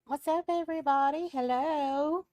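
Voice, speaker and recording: A woman's voice: high-pitched, normal speed, dark tone. A woman chatting casually on her live stream, greeting viewers by name with plenty of ums and laughs, sounding tired. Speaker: live-stream tarot reader. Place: at home at her computer with a small fan running. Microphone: computer mic.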